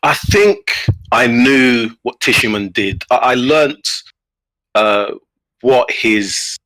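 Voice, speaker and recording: A man telling a story in a casual podcast chat, animated, with many restarts. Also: medium pitch, slow pace, dry recording, rough recording. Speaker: guest player.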